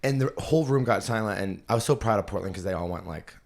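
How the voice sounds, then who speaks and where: A comedian and podcast host telling stage stories in a casual, animated way, laughing often and acting out the people he quotes. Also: fairly low pitch, fast talker, vocal fry. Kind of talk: casual storytelling.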